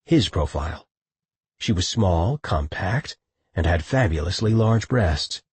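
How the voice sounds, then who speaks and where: Male audiobook narrator, low husky voice, measured delivery. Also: no echo. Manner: steady, measured storytelling. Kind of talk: scripted narration.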